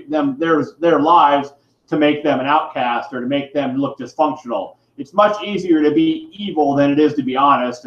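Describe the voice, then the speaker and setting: A man delivering an irate, preachy monologue to camera, swearing for emphasis. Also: mid-range voice. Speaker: vlogger. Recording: roomy, dull lo-fi sound.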